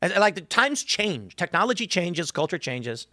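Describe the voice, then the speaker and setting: A man's voice: sits high, big pitch swings, moderate pace, bright, forceful tone, no echo, studio quality. A man hosting a live show, chatting casually and rambling, reading viewer comments aloud and slipping into mock voices for asides. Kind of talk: casual livestream chat.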